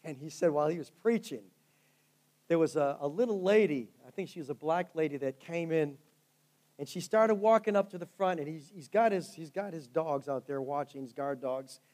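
This preacher's voice sits a little high and a little mellow, and he speaks at a normal speed. Telling stories in his sermon, he grows fervent, swelling and falling in loudness.

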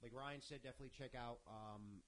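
A man's voice: medium pitch, brisk, very noisy. A man hosting a podcast in casual chat, rambling loosely with lots of fillers and the odd swear word. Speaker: podcast host.

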